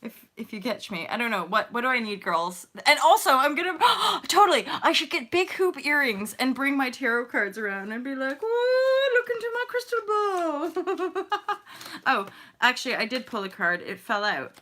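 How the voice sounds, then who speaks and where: A woman's voice: a little high, expressive, brisk, bright, forceful tone. A woman in her thirties hosting a casual spiritual livestream, rambling and giggling as she talks to viewers in the chat. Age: 30s. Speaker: host of a spiritual livestream show.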